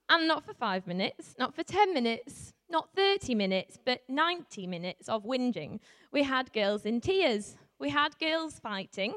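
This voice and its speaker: A woman from Yorkshire without a strong accent, telling a story to a live audience as a youth worker, animated, with laughs and many ums. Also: high voice, measured pace, few pauses. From Yorkshire, England. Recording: reverberant hall.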